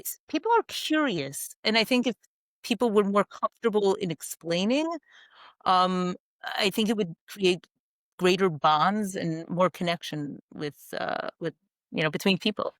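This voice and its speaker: Woman, middle-aged, interview guest, animated storyteller, laughs often, dry close mic. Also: medium pitch, no room sound, poor audio. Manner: animated, laughs often, many you-knows.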